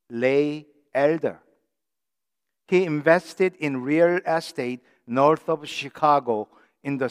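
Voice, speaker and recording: A man preaching a sermon as pastor, leaning on single words one at a time with slow, deliberate emphasis. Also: a little high, clean tone, big-room sound. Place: church sanctuary.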